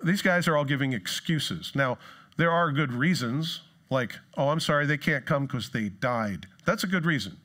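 A man preaching a sermon in a casual, joking way, acting out quoted excuses in higher, put-on voices. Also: expressive, moderate pace, pushed and bright. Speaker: pastor. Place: church.

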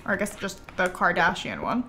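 A young woman streams a farming game, chatting bubbly and casually with viewers, with gasps and trailing asides. Her voice is on the low side, fairly quick, with big pitch swings, over background noise and music.

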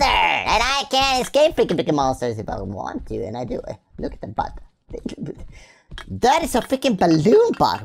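A woman's voice: fairly low pitch, wildly swooping pitch, normal speed, gravelly, noisy background. A woman giving playful game commentary, goofy and rambling, making up silly words and breaking into sing-song wordplay. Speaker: gaming video creator.

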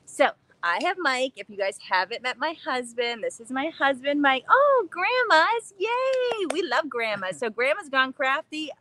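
A young woman hosting a casual craft-channel livestream from her backyard, bubbly and excited, chatting in a scattered, rambling way. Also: sits high, moderate pace, hardly any pauses. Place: backyard, outdoors.

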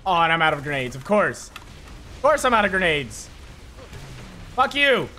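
Excitable swearing male game streamer. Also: on the high side, moderate pace, slight background noise. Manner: excitable, swears often, shouts at enemies. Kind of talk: live gameplay commentary.

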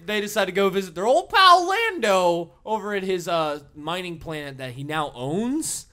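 A man with a high, bright voice rambles through a plot recap on a casual book club podcast. He swears freely and keeps the chat loose. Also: big pitch swings, normal speed. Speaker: podcast co-host.

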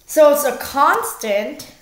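Young woman, math tutor, high-pitched, unhurried, echoey room. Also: sing-song. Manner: slow, self-correcting, jokey. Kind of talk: casual math walkthrough.

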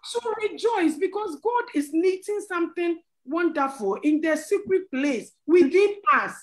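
A middle-aged woman with an extremely high-pitched, expressive voice speaks a little slowly over poor audio. A panel guest on a church talk show, she shares her testimony, pleads earnestly with listeners, and often breaks into laughter.

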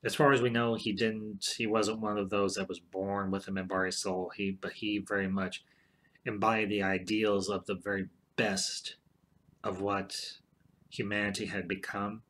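A man's voice: lowish voice, flat delivery, normal speed, a bit bright. A man casually retelling a TV storyline, rambling with many fillers and restarts. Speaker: show commentator.

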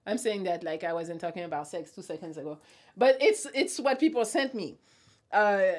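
A woman's voice: mid-range voice, big pitch swings, a little slow. Woman, young adult, live-stream host, casual chat, blunt and teasing, laughs a lot. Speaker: host reading viewer comments.

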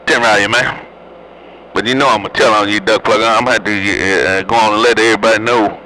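A man's voice: lowish voice, steady tone, fairly quick, bright, forceful tone, slight background noise, poor audio. A man chatting and teasing other drivers over a CB radio in slangy, joking banter. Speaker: CB radio operator. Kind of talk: casual CB radio chat.

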